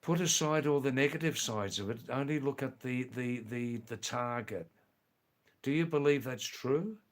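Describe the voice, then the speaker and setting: A middle-aged Australian livestream host chats with viewers casually, speaking at normal speed with a medium pitch. Emphatic in manner, he keeps repeating key phrases and drops in lots of ums.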